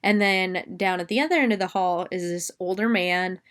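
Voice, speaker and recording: A woman's voice: fairly low pitch, moderate pace, fairly bright tone, smooth. A woman hosting a podcast, recapping a movie in a casual, rambling way and swearing freely. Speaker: podcast host.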